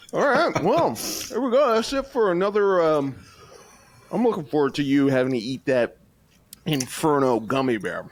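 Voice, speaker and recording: Lively higher-voiced man teasing his co-host. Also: unhurried, long pauses. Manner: teasing, deadpan jokes. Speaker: podcast co-host. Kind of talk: casual podcast chat.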